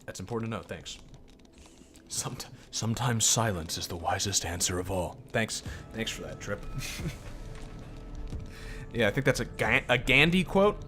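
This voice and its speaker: A man's voice: fairly low pitch, expressive, moderate pace, long pauses, pushed and bright, faint music behind. A man streaming a game, thinking aloud and reading narration with wry, swearing asides. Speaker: gaming streamer. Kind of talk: casual game commentary.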